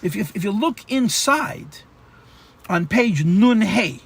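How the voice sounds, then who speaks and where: Man, rabbi, Torah class, high voice, husky, explanatory, restarts words. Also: animated, slow. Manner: explanatory, repeats phrases, stammers restarts. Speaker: rabbi teaching Chassidus.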